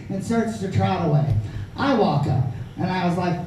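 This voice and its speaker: A brash, foul-mouthed man tells stand-up stories in a high voice. He sounds far from the mic in a very echoey small club. Room noise and crowd laughter hang around him. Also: normal speed, mellow. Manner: crude, brash, profane storytelling. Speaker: stand-up comedian. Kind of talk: stand-up comedy set. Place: small comedy club stage. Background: audience laughter.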